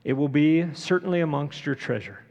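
A middle-aged man delivers a sermon, his slightly raised voice carrying a gravelly edge. He talks the congregation through the story in a loose, conversational way, full of small pauses. A long church reverb trails behind his words. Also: on the high side, a little mellow, dull audio. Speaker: pastor.

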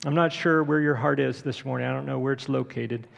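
A middle-aged man preaching a sermon, telling a story conversationally with many pauses and fillers. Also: medium pitch, fairly even intonation, creaky. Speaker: pastor. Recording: long church reverb.

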